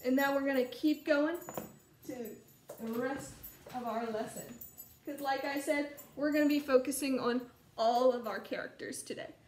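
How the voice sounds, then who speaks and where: A first grade teacher giving a recorded distance lesson, talking encouragingly to young children and reading a story aloud. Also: female voice, high voice, steady tone, moderate pace, darkish tone, echoey room, slight background noise.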